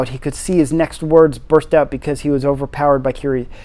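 A man reading a classic novel aloud, steady with occasional slips. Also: on the high side, fast talker. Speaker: reader.

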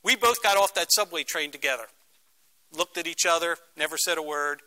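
Guest lecturer, man, middle-aged, from Philadelphia; bright, fairly high voice, dramatic storyteller. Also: fairly quick. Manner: dramatic, acts out quoted voices. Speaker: guest speaker. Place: university lecture room.

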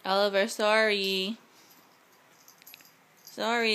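Bright-voiced woman teasing her dogs. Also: mid-range voice, lively intonation, normal speed. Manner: affectionate, teasing talk to pets. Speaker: dog owner. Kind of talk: casual home video chatter. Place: home, indoors.

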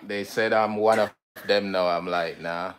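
A man with a Jamaican accent chatting casually as co-host of a live stream, relaxed and full of fillers. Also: on the low side, normal speed, a little hiss or hum. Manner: relaxed, fillers like "you know". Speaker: co-host, partner.

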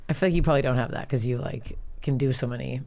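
A woman hosting a comedy podcast, excitable and swearing freely in casual chat. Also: extremely low pitch, rapid-fire.

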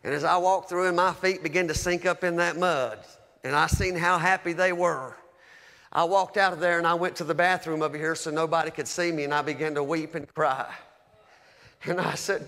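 A man's voice: on the high side, steady tone, moderate pace, sharp tone, long reverb tail. A man preaching, telling a heartfelt story as testimony, with a fervent, emotional delivery. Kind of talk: sermon testimony.

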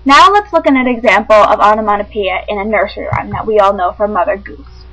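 A woman reading a lesson on literary devices aloud, measured and clear, with small slips in her phrasing. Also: mid-range voice, a bit bright, highs cut off. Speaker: teacher.

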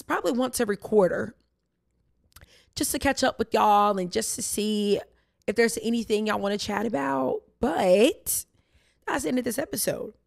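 A young woman hosting a casual faith Q&A podcast, hoarse and raspy from losing her voice, chatty and rambling with tangents, and tired and low on energy. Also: no echo, clean studio sound. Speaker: podcast host.

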